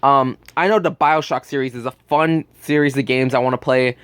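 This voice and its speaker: A man's voice: medium pitch, steady tone, a little fast, fairly bright tone, clean tone, no echo. A young man telling a blunt, profane story about work in a casual vlog. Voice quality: burping, just ate. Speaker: gaming channel host.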